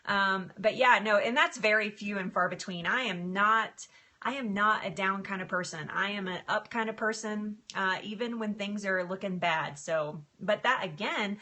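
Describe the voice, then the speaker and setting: A middle-aged woman chatting casually on a live stream, emotional and quick to laugh, answering viewer comments. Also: medium pitch, bright, forceful tone. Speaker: livestream host.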